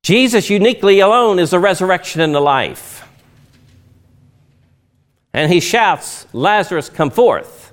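Animated male preacher with swelling delivery. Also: sits high. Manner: earnest preaching with dramatic swells and slow emphatic pauses. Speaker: pastor. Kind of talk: sermon.

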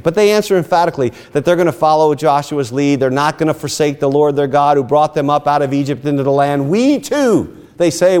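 A man preaching a sermon, telling stories and rising into emphatic, animated lines. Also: medium pitch. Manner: animated storytelling with emphatic rises. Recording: long hall reverb.

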